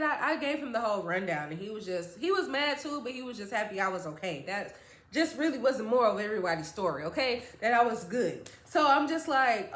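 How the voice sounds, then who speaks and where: A young woman vlogger telling a casual storytime, animated and lively, slipping into voices as she quotes people. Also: a little high, fairly quick. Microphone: phone or tablet camera. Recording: echoey room.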